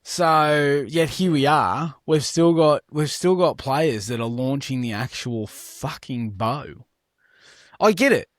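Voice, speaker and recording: A man's voice: fairly high pitch, slow pace, no echo, clean studio sound. A man co-hosting a sports podcast, swearing and joking wryly, reading out spoof headlines. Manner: swearing, wry and deadpan. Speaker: podcast co-host. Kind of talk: casual chat, reading comic fake news.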